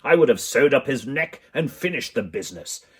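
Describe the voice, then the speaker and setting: An Irish man putting on the voice of a pompous, arrogant official, loud and indignant. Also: mid-range voice, very animated, normal speed, slightly rough, voice pushed up, full character voice.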